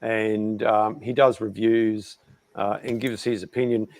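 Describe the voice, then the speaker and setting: A man's voice: lowish voice, flat delivery, measured pace, a little mellow, no room sound. A man with an Australian accent, co-hosting a podcast in rambling casual chat with many fillers. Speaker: podcast co-host.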